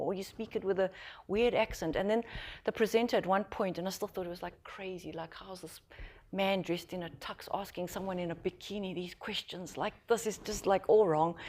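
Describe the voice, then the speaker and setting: A woman with a South African accent, a journalist and author speaking on a panel, telling a story in a lively, animated way with many restarts. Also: mid-range voice. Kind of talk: panel discussion anecdote.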